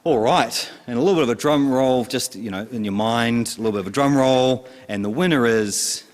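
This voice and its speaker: Man, upbeat awards host, playful announcer, mid-pitched voice with a long echo tail. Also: fairly quick. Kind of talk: hosting an awards ceremony.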